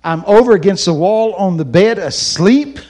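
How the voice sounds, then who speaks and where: Lively high-voiced preacher telling a story. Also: male voice, moderate pace. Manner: animated, shouting at peaks, laughing. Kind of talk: storytelling sermon. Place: church camp meeting.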